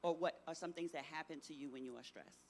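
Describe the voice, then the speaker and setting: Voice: medium pitch, quick pace, a little hiss or hum. A middle-aged presenter giving an interactive talk to teenagers, often asking the audience questions and tagging sentences with "right?". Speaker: youth workshop presenter.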